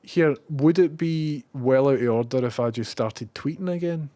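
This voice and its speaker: A Scottish man chatting casually on a live stream. He rambles, swears freely and now and then bursts out loudly. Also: medium pitch, normal speed, dry recording. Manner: rambling and profane, with bursts of loud excitement.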